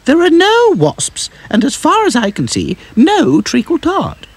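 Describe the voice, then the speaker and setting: A man doing a high, motherly doll girl. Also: wildly swooping pitch, a little slow, full character voice. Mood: calming. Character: cheerful sensible female rag doll.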